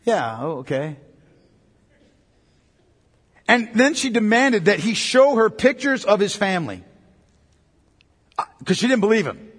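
High-voiced preaching man in a reverberant hall. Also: big pitch swings, normal speed, breathy edge. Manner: swings from loud emphatic to quiet and low. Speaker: pastor. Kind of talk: sermon.

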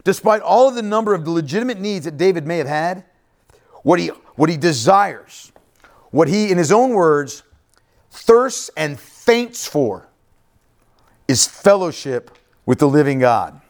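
A pastor delivers a sermon in a lively, swinging voice pitched a little high, speaking at a measured pace. His preaching is conversational, addressed straight to the congregation, with frequent "right?" check-ins and phrases he goes back over.

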